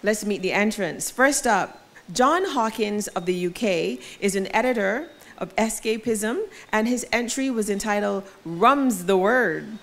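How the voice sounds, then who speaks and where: A woman presents at an awards ceremony, reading out categories and entrants in a formal announcer's manner. Her pitch sits mid-range, and she leans into each winner's name with rising emphasis. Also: lively intonation, a little slow, a bit bright.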